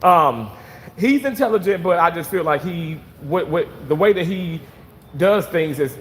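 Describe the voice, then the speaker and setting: A man casually venting to his viewers, animated and swearing freely, repeating himself for emphasis. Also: on the high side, a little slow, in a large hall. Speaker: vlogger reading live chat.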